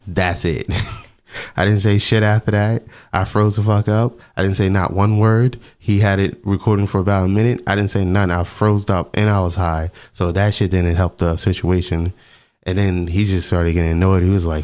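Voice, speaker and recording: A young man hosting a podcast, telling a candid, profane, self-mocking story in a relaxed, conversational way. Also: sits low, moderate pace. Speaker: podcast host. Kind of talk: casual storytelling monologue.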